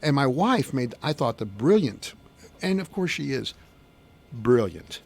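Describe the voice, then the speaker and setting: A man's voice: medium pitch, sing-song, a little slow, gravelly, husky. A man hosting a local radio morning show in a studio, joking and teasing his co-hosts in casual banter.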